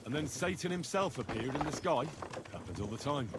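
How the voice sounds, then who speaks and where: A man's voice: medium pitch, lively intonation, a little fast, background noise, lightly acted. A man playing a dry, sarcastic young hero. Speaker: game protagonist. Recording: game audio with loud music.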